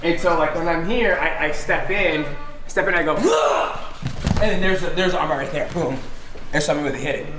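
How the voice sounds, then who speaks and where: A man's voice: on the high side, fast, background noise. A man animatedly explaining grappling technique, acting out moves with grunts. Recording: echoey room with crowd.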